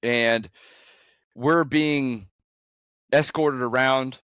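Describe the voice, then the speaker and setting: A man, a conservation photographer, recounting an adventure with animated storytelling and frequent restarts. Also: very slow, clear, resonant tone, dry recording. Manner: animated storytelling with sudden rises in pitch.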